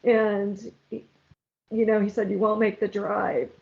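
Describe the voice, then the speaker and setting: A woman's voice: medium pitch, flat delivery, creaky, darkish tone. A woman guest telling her own story in an interview, earnest and at times tearful. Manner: emotional, halting, tearful at times. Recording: slightly dull, lo-fi sound.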